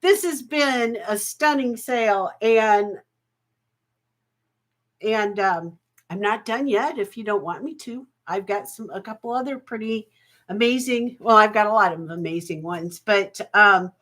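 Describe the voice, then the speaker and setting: A woman's voice: mid-range voice, unhurried, fairly bright tone. A woman hosting a live jewelry auction stream, chatty and folksy, laughing often and getting emotional.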